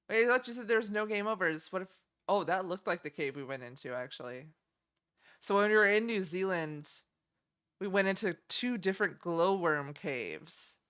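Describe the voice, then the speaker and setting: A young woman talks casually on a live stream, reacting to game trailers with easy giggles and quick delight. Her voice sits a little low for a woman, and she chats loosely with lots of filler words. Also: expressive, fairly bright tone. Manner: chatty, giggly, easily delighted.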